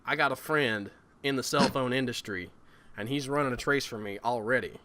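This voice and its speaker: A man's voice: mid-range voice, fairly quick, bright, forceful tone, voice pushed down, lightly acted. A man voicing a cagey male schemer with a put-on Southern US drawl, guarded and holding onto his leverage. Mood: guarded, scheming.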